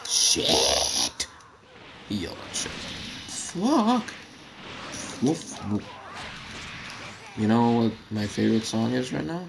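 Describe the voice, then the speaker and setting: A man's voice: lowish voice, gravelly. A young man giving casual gameplay commentary, rambling, swearing and freestyle rapping as he plays. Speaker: gaming channel host. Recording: noticeable background noise.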